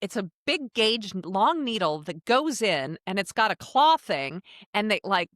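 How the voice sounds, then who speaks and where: A woman's voice: mid-range voice, very animated, measured pace, fairly bright tone, dry recording, clean studio sound. A young adult woman on a podcast, telling her own story frankly and candidly, with some swearing and little impressions of the people in it. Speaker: podcast co-host sharing her cancer story.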